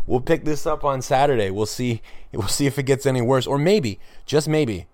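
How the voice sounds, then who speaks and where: Man, solo sports podcast host, candid, wry, low-pitched, dry close mic. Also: clear, resonant tone, no room sound. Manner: candid, wry, self-deprecating, with frequent fillers.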